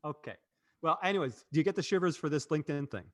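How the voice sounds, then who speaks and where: A man's voice: on the high side, animated, fast, fairly bright tone. A man hosting a casual marketing livestream, rambling and cutting himself off, laughing easily. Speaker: host and agency president.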